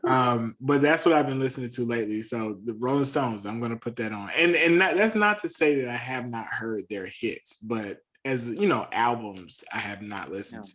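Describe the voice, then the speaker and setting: A man with a Southern US accent, chatting as a podcast guest and telling lively self-deprecating stories. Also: medium pitch, moderate pace, hardly any pauses. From American South. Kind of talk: casual chat, storytelling.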